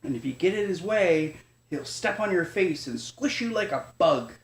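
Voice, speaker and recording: A man voicing an anxious young male raccoon cub in a bedtime storybook, his pitch nudged up into a pleading, childlike tone. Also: expressive, moderate pace. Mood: excited. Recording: echoey room.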